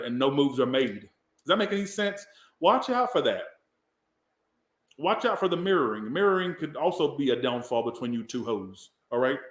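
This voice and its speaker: A man's voice: medium pitch, roomy sound. A man from the Southern US, giving a casual, rambling tarot reading and swearing now and then. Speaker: tarot reader.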